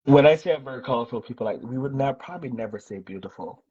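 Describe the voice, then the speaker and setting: A man's voice: mid-range voice, lively intonation, quick pace, dark tone, husky, dull audio. A man with a Jamaican accent, a guest poet, talking in a laid-back, easygoing way. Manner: laid-back, laughs easily. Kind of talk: casual conversation.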